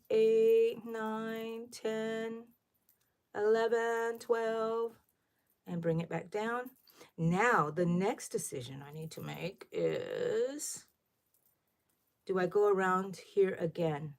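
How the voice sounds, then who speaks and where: A middle-aged woman, chatting loudly and thinking out loud while she crochets on a livestream, asking her viewers questions. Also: medium pitch. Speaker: livestream host. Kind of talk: casual crochet livestream chat.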